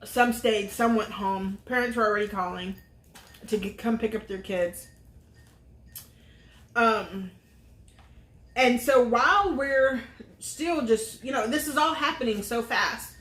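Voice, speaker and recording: A woman's voice: fairly high pitch, takes it slowly, pauses often, fairly bright tone. A middle-aged woman, a vlog host, telling a personal story in earnest with many fillers. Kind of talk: casual storytelling chat. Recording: roomy echo.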